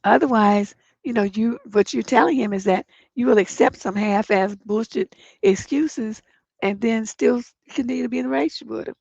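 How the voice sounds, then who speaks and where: A woman's voice: on the high side, moderate pace, vocal fry, darkish tone, slightly rough, dry recording. A middle-aged woman hosting a relationship advice livestream, sounding congested, who reads viewer letters aloud and then gives blunt, profane advice. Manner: blunt, profane, gets emphatic when giving advice. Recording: dull lo-fi stream audio.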